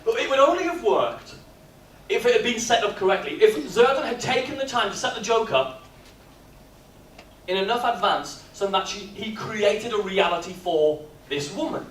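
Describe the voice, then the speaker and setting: A man leads a business workshop, telling his stories with a lively, joking delivery. His voice sits high and swings widely in pitch. He is picked up from across an echoey expo hall with a faint hum of ambience behind him. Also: moderate pace. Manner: lively storyteller, jokey and animated. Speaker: workshop speaker. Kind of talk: live workshop talk with comic storytelling. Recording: echoey hall, mic from far off.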